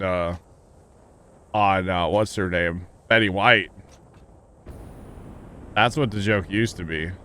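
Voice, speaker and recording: Low-voiced man streaming a game. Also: fairly bright tone, clean tone. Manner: rambling, jokey, thinking aloud. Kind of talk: casual gameplay livestream chat.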